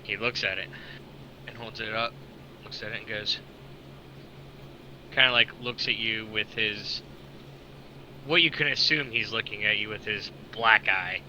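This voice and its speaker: Male game master, very bright tone, relaxed and loose, faint noise behind. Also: lowish voice, unhurried, pauses often, low-quality recording. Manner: relaxed, swears, laughs often. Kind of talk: casual narration of a tabletop game.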